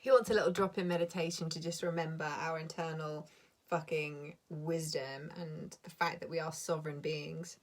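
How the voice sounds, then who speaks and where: A woman's voice: low-pitched, steady tone, moderate pace. Sweary, laughing woman in her thirties. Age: 30s. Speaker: coach. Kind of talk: live stream rant.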